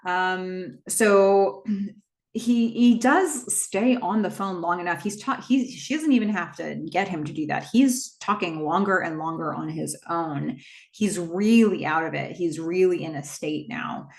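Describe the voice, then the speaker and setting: A woman hosting a casual horror movie recap, retelling the plot in a chatty way with quick asides. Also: lowish voice.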